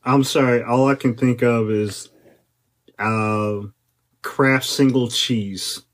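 A man's voice: medium pitch, steady tone, slow pace. A man with a Chicago-area accent co-hosting a podcast in casual chat, making dry, joking asides. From area near Chicago. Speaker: podcast co-host.

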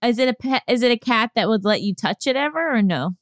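Lively, supportive woman podcast host. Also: a little high, quick pace, no echo, studio quality. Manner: supportive, attentive listener. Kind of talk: casual podcast chat.

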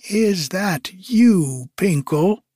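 A man voicing a spiteful old witch from a fairy tale, crying out and muttering threats in a raised, husky voice. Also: a little high, expressive, extremely slow, dry recording, clean studio sound, voice pushed up, heavily acted. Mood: indignant. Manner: cries out, then mutters threats. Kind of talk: storybook reading.

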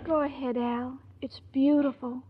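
Super high-voiced ditzy sweetheart, breathy and gushy, dull old radio sound. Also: female voice, flat delivery, unhurried. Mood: dreamy. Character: sweet, scatterbrained young woman in love. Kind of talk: 1940s radio sitcom acting.

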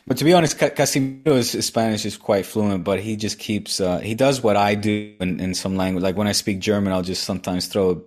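Playful low-voiced man co-hosting a podcast. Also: brisk, few pauses. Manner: playful, slips into mock accents and other languages. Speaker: podcast co-host. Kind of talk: casual chat.

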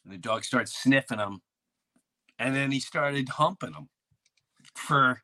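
Animated, bright-voiced man telling stories. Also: mid-range voice, measured pace. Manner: animated, acts out shouted quotes. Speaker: podcast host. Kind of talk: storytelling in casual chat.

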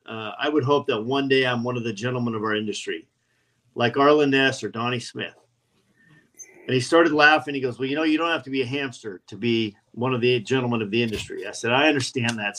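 A man guesting on a podcast, spinning stories in easy conversation. His voice sits at a middling pitch, and he slips into the voices of the people he quotes. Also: rough recording. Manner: animated anecdotes, acts out quoted voices. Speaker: guest, custom motorcycle builder. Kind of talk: casual podcast storytelling.

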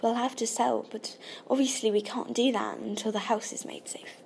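A woman's voice: a little high, fairly even intonation, moderate pace, creaky, darkish tone, a little hiss or hum. A woman reading an audiobook and voicing an anxious, polite adult woman who speaks formally. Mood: uneasy. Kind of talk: audiobook character voice.

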